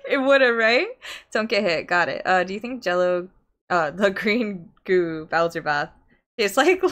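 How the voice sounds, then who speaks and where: Excitable Australian woman streaming a game. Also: mid-range voice. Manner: excitable, yelps and laughs at the game. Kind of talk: live game-stream chat. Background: game music.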